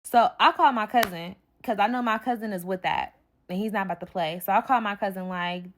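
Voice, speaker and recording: A woman's voice: medium pitch, fairly quick, a little hiss or hum. Heated, profane young woman telling a story. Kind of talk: storytime vlog.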